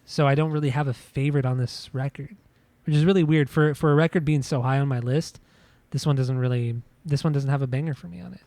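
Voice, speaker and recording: A man co-hosting a podcast, giving a casual album review in halting speech full of restarts and fillers. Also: medium pitch, fairly even intonation, warm tone, no room sound. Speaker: podcast co-host. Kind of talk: casual music review chat.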